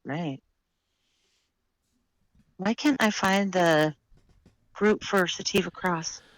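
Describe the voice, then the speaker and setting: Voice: mid-range voice, slow pace, fairly bright tone, dry recording. A caller on a radio show, chatting playfully. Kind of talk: casual call-in chat.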